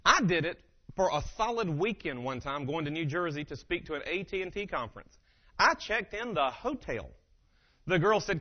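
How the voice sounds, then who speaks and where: A man giving a humorous motivational keynote, telling stories with animated delivery and acting out quotes, on a dull lo-fi recording. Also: on the high side, brisk. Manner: animated, acts out quotes and impressions.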